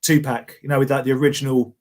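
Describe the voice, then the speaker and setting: A man's voice: medium pitch, little pitch movement, quick pace, darkish tone. Jokey man chatting about toys. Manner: jokey, self-mocking. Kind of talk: casual chat.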